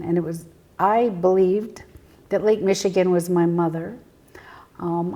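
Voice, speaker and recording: A woman guest telling personal stories in an interview, earnest and reflective, halting with fillers and sometimes sinking to a near whisper. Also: lowish voice, dark tone. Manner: halting, with frequent fillers and restarts. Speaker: guest, spiritual medium.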